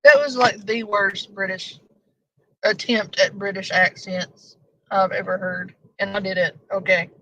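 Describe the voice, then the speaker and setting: A woman's voice: medium pitch, fairly even intonation, measured pace, pushed and bright. A woman hosting a casual live stream, rambling and joking with plenty of swearing. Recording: dull lo-fi stream audio.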